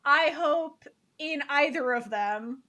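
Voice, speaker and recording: Woman co-host in loose book talk, pitched a touch high, eager and rambling. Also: takes it slowly, pushed and bright. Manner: enthusiastic, rambling with many "like"s. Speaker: podcast co-host. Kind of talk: casual book club chat.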